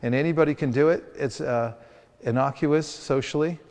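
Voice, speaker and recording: A man's voice: a little high, moderate pace, darkish tone. A man leading a hands-on training session for a group, playfully acting out street encounters as he teaches. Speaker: sales trainer. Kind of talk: hands-on training talk with demonstrations. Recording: long reverb of a hall.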